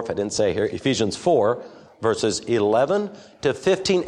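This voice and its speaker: Lively man preaching a sermon. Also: mid-range voice. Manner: questioning the congregation, lively. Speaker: pastor. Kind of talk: interactive sermon.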